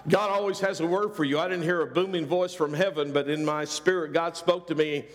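A man's voice: fairly high pitch, steady tone, fairly quick, long reverb tail. A middle-aged male pastor preaching a sermon with rising fervor and repeated phrases.

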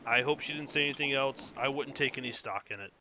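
A man's voice: mid-range voice, quick pace, pushed and bright, a little hiss or hum. A man voicing a grieving widower in a tabletop game, pleading and apologizing through stammers. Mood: grieving, tender.

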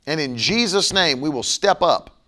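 A man's voice: on the high side, expressive, normal speed, pushed and bright. A middle-aged man preaching a broadcast sermon and leading a prayer, emphatic and fervent, now and then mocking his critics.

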